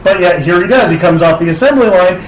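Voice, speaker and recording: A man in casual movie-talk banter who swears a lot and breaks into loud, excited outbursts. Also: high-pitched, fast talker, roomy sound, a little hiss or hum, rough recording.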